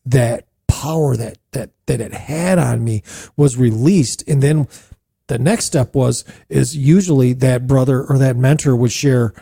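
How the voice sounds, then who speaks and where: A middle-aged man hosting a church podcast discussion, animated and playful, firing off rhetorical questions. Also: medium pitch, a little slow, gravelly, breathy edge. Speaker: host.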